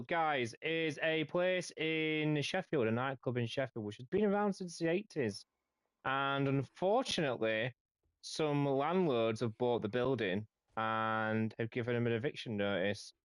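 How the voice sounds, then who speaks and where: A man's voice: mid-range voice, dry recording, studio quality. A man hosting a game stream, chatting casually and sounding indignant about local news. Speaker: streamer host. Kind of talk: casual chat while gaming.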